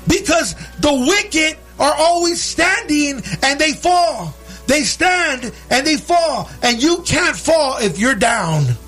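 A man preaching a sermon in English and Spanish, calling his listeners brother and rising into shouted, sing-song cadences. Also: very high-pitched, expressive, slow, faint music behind. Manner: preaching, switching between English and Spanish, calling out "hermano" and "amen". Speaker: pastor. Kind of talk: bilingual sermon.

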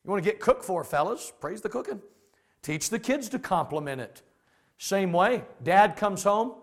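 A man's voice: sits high, moderate pace. A man preaching a sermon as pastor, folksy and plain-spoken, who acts out the voices of the people he talks about. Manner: animated, acts out quoted voices.

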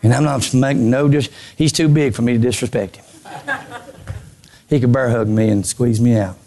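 A man preaching a sermon from a church pulpit. He repeats phrases and swings between shouted lines and hushed low ones. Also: fairly even intonation, normal speed. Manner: repeats phrases, stammers on restarts. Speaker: pastor.

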